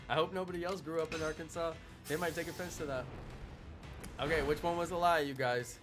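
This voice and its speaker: A man's voice: on the high side, moderate pace, pauses often. Playful, teasing male streamer. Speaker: live streamer. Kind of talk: casual chat with a live stream audience. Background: background music.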